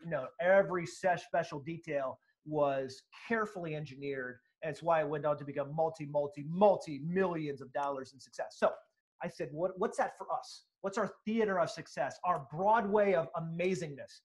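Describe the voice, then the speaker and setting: A man's voice: on the high side, normal speed. A man being interviewed as a sales author, telling stories with energy and emphasis, acting out quotes and swearing now and then. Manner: animated, emphatic, acts out quotes, occasional profanity. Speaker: sales speaker and author, guest.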